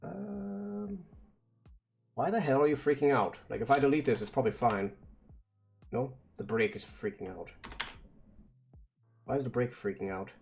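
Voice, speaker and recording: A male streamer thinks out loud at a mid-pitched, everyday level, mumbling half-sentences and cursing under his breath while he debugs. He slips into plain step-by-step explanations of his code, with faint music playing behind him. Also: animated, moderate pace, gravelly, long pauses. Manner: mutters to himself, swears, frustrated debugging. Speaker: vtuber streamer. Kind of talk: casual coding stream talk.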